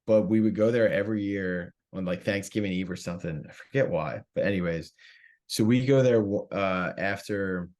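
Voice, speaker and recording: A man's voice: sits low, moderate pace. Man, telling a rowdy story. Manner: animated, profane, acts out quotes. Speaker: comedian guest. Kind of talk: casual storytelling.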